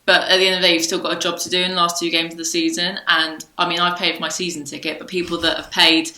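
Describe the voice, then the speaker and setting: A woman's voice: lowish voice, flat delivery, fast, pushed and bright. A woman co-hosting a casual podcast chat, earnest, with hesitant restarts. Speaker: podcast co-host. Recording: echoey room.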